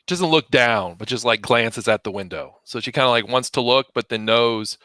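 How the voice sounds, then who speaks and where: Bright, dry-sounding hesitant male player. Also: mid-range voice, normal speed, smooth, no echo. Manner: hesitant, many fillers. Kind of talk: describing his character's actions.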